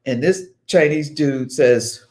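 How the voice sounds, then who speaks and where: A woman's voice: sits low, slow, a little mellow. An older woman co-hosting a casual chat with her daughter, telling stories with dry humor. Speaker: co-host, mother.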